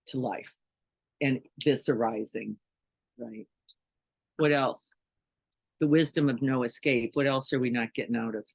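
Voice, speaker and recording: A woman's voice: rumbling low, gravelly, no room sound, low-quality recording. A woman giving a conversational dharma talk as a meditation teacher, often checking in with listeners with questions and "right?". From Chicago, United States.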